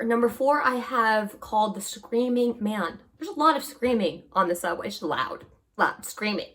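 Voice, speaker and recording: Picture a young woman from New York chatting straight to camera as she tells her stories. Her voice sits at an ordinary middle pitch. She jumps between quiet, wry asides and sudden excited peaks. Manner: animated, swings between hushed asides and excited highs. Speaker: vlogger. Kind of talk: casual storytelling to camera.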